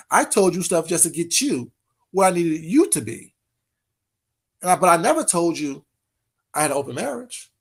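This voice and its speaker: Guy with a high voice ranting to his chat, heated, keeps repeating himself. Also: husky. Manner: heated, talks straight to chat, repeats phrases. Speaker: livestream host. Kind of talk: casual livestream rant.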